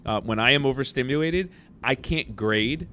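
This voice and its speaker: A middle-aged man hosts a casual podcast, talking like the teacher he is. He tells stories animatedly and slips into little voices to act out what people think. His voice sits at an ordinary middle pitch for a man. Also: normal speed. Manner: animated, acts out quoted thoughts in voices.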